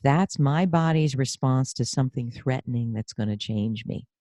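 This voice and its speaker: A woman's voice: extremely low pitch, moderate pace, no room sound, studio quality. Effusive woman hosting a podcast. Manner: effusive and animated, tells personal anecdotes. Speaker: podcast host and career coach. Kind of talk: conversational podcast interview.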